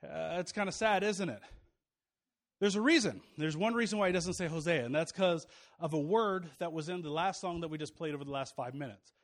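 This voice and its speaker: A high-voiced man in his thirties preaching a relaxed, conversational sermon. He jokes with the congregation and stumbles through restarts and fillers. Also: a little fast. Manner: chatty, joking, with many restarts and fillers. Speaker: pastor.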